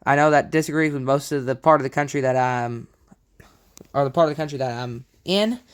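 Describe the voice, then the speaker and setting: Man from Texas, mid-range voice, relaxed vlog commentary, self-deprecating. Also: mid-range voice, brisk, smooth. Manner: easygoing, thinks aloud, self-deprecating. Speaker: vlogger. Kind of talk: casual commentary over maps.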